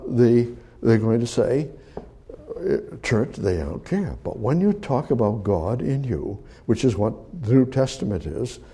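A man preaching a sermon, swinging from slow, loud emphasis to quiet asides. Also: medium pitch, slight background noise.

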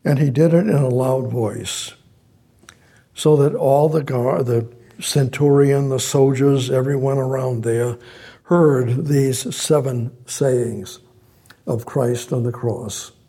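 A male preacher delivers a sermon at an unhurried pace, often repeating words as he reads and explains scripture. His voice is low in tone, gravelly and husky. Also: mellow. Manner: slow, repeating phrases, reading scripture aloud.

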